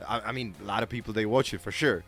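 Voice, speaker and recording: A male radio host, a native Czech speaker, conducting a casual interview in a friendly, halting way with many fillers. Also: fairly low pitch, a bit bright, soft background music.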